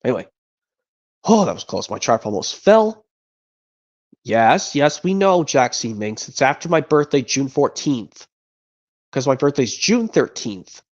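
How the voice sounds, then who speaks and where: A streamer chatting casually between voice impressions, rambling and excitable, with some mild cursing. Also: mid-range voice, measured pace, highs cut off.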